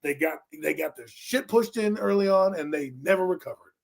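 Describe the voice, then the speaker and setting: A man co-hosting a sports talk show, telling a game story with excitable swings from low muttering to loud outbursts. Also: brisk, vocal fry. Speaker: co-host. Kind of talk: animated sports chat.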